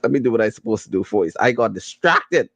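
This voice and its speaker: A man hosting a podcast, casually chatting and reading viewer comments in a playful, slangy, excitable way. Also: on the low side, fast talker, gravelly, no room sound. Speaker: podcast host.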